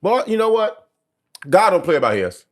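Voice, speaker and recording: Man, high voice, podcast co-host, joking, profane. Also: very animated, moderate pace. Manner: joking, profane, slips into a mock preacher prayer. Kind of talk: casual sports chat.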